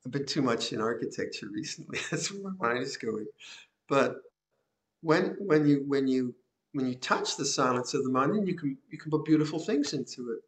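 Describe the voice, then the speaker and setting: An older man, a Buddhist monk, giving a gentle, reflective Dhamma talk with soft laughs and repeated phrases. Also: medium pitch, animated, normal speed. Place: monastery hall.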